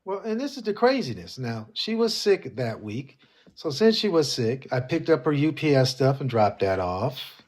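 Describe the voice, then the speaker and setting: A man's voice: mid-range voice, big pitch swings, moderate pace, darkish tone. A man co-hosting a casual talk show, telling a dating story and acting out the quoted lines. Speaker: co-host.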